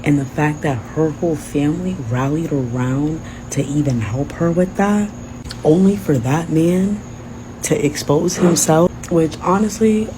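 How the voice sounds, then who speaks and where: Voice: medium pitch, unhurried. A speaker giving blunt, emphatic opinions in a casual video, swearing freely. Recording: noisy background.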